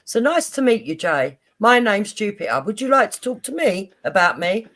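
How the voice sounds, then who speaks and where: A woman's voice: medium pitch, sing-song, moderate pace, fairly bright tone. A woman in an online debate who talks back in a combative, accusing way.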